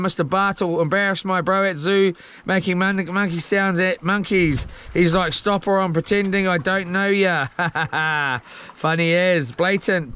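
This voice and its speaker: High-voiced New Zealand livestreamer, slow. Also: male voice, pushed and bright, clean tone. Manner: laid-back, slangy, rambling with fillers. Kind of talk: casual live-stream chat reading viewer comments. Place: small boat on the sea.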